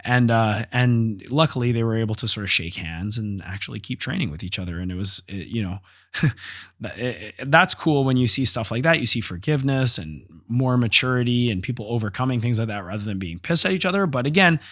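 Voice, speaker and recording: A man's voice: mid-range voice, lively intonation, a little fast, a bit bright. Blunt, profane man telling a story. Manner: blunt and profane, acts out quotes with rising intensity. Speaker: podcast host and jiu-jitsu instructor. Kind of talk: casual solo podcast storytelling.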